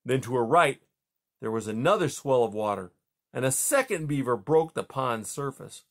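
A man reading a children's novel aloud in a slow, measured way. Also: medium pitch, animated. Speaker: reader.

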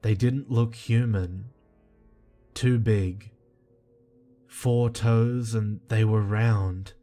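A man reading a creepy first-person horror story in a slow, hushed and tense way. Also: fairly low pitch, fairly even intonation. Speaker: narrator. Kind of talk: scripted horror narration. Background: soft music.

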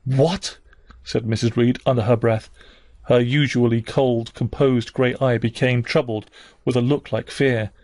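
A man narrating a classic novel as an audiobook reader, measured and unhurried. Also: medium pitch, flat delivery, darkish tone, no room sound. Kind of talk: scripted narration.

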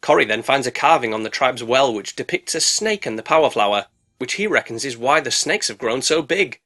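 A man's voice: animated, a little fast, bright, forceful tone. A British man narrating a sarcastic, jokey movie recap as a reviewer. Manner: cheeky, sarcastic, bursts into squeaky put-on voices.

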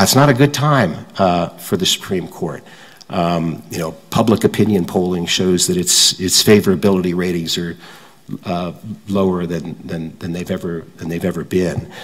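An older man from suburban Washington, giving a fireside talk as guest speaker, halting and restarting often, with self-deprecating humor. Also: on the low side, slightly rough, long reverb tail, poor audio. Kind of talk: fireside talk with audience questions.

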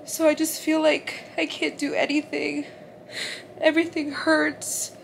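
Tearful and in pain after surgery, a young woman vlogs from her hospital room after giving birth, rambling and saying "like" often. Her high voice is gravelly with flat delivery and a measured pace, and there is a little hiss or hum on the recording.

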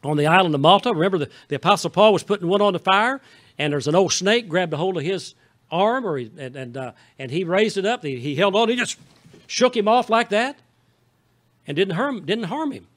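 Folksy high-voiced Missouri pastor. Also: male voice, animated, a little fast, fairly bright tone. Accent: Southern Missouri. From Southeast Missouri. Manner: folksy and conversational, often checking in with the congregation. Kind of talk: sermon. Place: church sanctuary.

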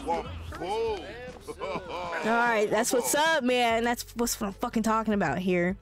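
Woman let's-play host, high pitch, loose and profane, game music playing underneath. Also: a little slow. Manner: animated, swearing, voices the characters. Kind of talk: casual gameplay commentary.

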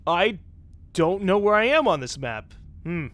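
A man giving casual, excitable gameplay commentary with swearing and chatty asides. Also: high voice, unhurried. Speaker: let's-play gamer.

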